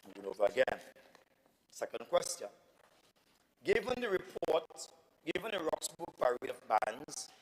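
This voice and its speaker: In a large legislative assembly chamber, a Tobagonian-accented assemblyman with a mid-range voice argues in a parliamentary debate. He is indignant and emphatic, repeating himself, and the recording is rough.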